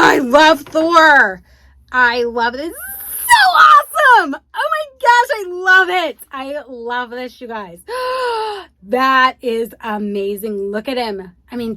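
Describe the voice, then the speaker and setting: A woman chats at home while unboxing. She gushes and exclaims constantly, talking straight to her viewers. Her voice sits slightly high. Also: fairly bright tone, a little hiss or hum. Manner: gushing, exclaims often, addresses viewers as you guys. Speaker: unboxing video host. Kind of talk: excited casual unboxing chat. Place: home room.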